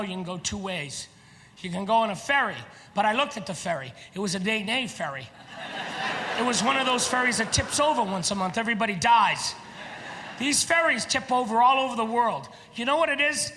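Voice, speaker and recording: A man performing a stand-up comedy routine on stage, animated and often shouting his punchlines. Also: high-pitched, big-room sound. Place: large theater stage. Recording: live theater with audience laughter.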